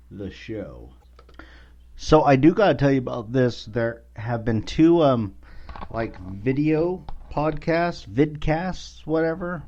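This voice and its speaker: A podcast host with a medium-pitched, slightly mellow voice delivers a rambling, profane, casual monologue full of filler words on his own show. The recording is dull and lo-fi.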